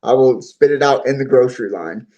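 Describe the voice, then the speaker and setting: A man as an interview guest, telling his own story in a voice of average pitch. He talks on earnestly and at length, and he often repeats and restarts his words. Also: fairly quick, mellow, highs cut off. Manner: earnest, talkative, repeats himself.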